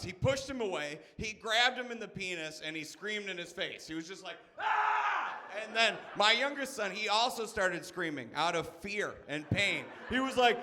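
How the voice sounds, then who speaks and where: A man's voice: high voice, background noise. A man in his thirties doing a stand-up comedy set, ranting with profanity and tagging jokes with "okay?". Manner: exasperated, profane ranting with punchy asides; frequent "okay?" and "all right?" tags.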